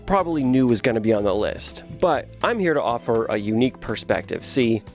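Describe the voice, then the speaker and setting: A man in his twenties giving sarcastic, animated comedic commentary on bad movies as a video host. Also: mid-range voice, a little fast, faint music behind.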